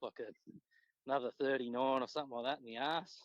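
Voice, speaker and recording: A man with an Australian accent, a podcast guest telling fishing stories in a relaxed, swearing, casual way. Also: quick pace, dry recording. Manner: laid-back, swears freely, acts out quotes with pitch jumps. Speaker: podcast guest, tournament angler. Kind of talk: casual storytelling chat. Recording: dull lo-fi dry sound.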